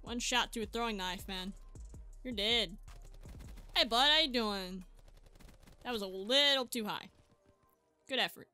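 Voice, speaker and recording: Excitable bright-voiced woman gaming host. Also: fairly high pitch, unhurried, long pauses, clean tone. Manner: excitable, yelps and exclaims mid-game, chatty to viewers. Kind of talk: gameplay commentary. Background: faint background music.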